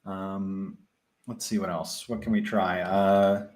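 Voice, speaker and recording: A young man with a Midwestern accent, casually presenting a live software tutorial with frequent ums and restarts. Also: low-pitched, level tone, takes it slowly. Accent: Midwestern American.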